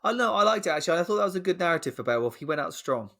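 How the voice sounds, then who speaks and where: A man's voice: high-pitched, very animated, racing, creaky, bright, forceful tone. A man co-hosting a comedy podcast, reading a story and joking around in a laid-back way. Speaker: podcast co-host and reader. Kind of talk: casual chat and story reading.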